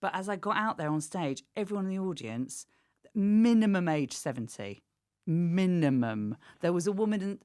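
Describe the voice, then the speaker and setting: A woman in her forties, a comedian guest on a chat podcast, who tells stories in a lively way, laughs often and acts out what people said. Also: medium pitch, quick pace, few pauses.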